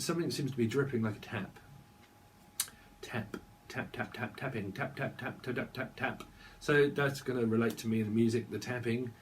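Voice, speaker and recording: A man's voice: mid-range voice, slight background noise. A man giving a channelled tarot reading, rambling and free-associating, laughing now and then. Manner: rambling, free-associating, sings snatches of songs. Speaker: tarot reader.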